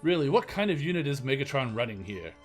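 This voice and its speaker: A man's voice: medium pitch, big pitch swings, fast talker, soft background music, natural voice. A man doing a fussy robot medic, half-British. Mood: prim scolding. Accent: semi-British put-on. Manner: officious, scolding.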